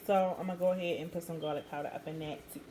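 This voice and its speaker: A woman's voice: on the low side, fairly even intonation, rapid-fire. Woman, home cook vlogger, casual tutorial tone, noisy kitchen sound. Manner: chatty, talks to viewers as "guys".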